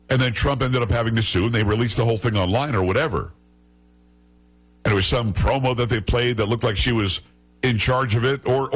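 A male host delivers indignant commentary, firing off sarcastic rhetorical questions. His voice is husky at a middle pitch, with a rough edge throughout. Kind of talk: political commentary.

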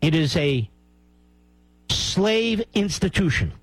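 A man's voice: fairly high pitch, sing-song, slow pace, breathy edge, no room sound, rough recording. Heated, sarcastic radio host, a man. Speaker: radio talk show host. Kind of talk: talk radio commentary.

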